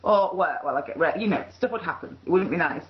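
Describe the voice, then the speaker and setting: A woman's voice: lowish voice, animated, quick pace, highs cut off, a little hiss or hum. A woman with a Yorkshire accent talking casually on a video call, rambling and chatty with easy laughter. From Leeds area, England. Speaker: call participant. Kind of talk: casual conversation.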